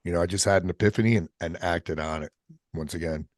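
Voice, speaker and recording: A man with a deep, low-pitched voice recounts his story candidly as a podcast guest. He speaks casually and swears freely, often halting and circling back mid-sentence. The sound is dry and close, with no room around it. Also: no room sound. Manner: casual and profane, halting with restarts, drops "man" and "bro". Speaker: podcast guest, military veteran.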